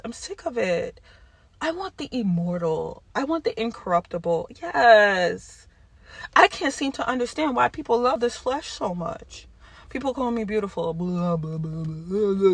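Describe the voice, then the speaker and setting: A woman vlogger talking straight to the camera in an impassioned monologue, jumping from yelling to hushed tones. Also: fairly high pitch, husky, dry recording.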